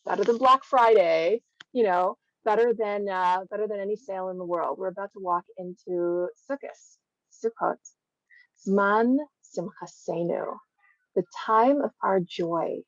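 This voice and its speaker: Woman giving a lively conversational talk. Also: mid-range voice, measured pace, no echo. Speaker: guest speaker. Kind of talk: online Torah talk. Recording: dry, slightly dull recording.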